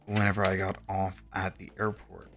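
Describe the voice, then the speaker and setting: A man's voice: sits low, monotone, moderate pace, fairly bright tone, faint music behind. A young man from Texas streaming a game, telling a rambling story with lots of fillers and casual swearing. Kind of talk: casual chat while gaming.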